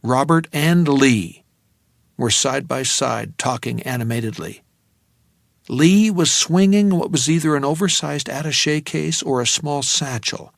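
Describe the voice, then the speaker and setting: A man reading a novel aloud in the first person as an audiobook narrator, telling the story in a measured, tense way. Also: mid-range voice, animated, gravelly, no room sound. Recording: dry close studio sound.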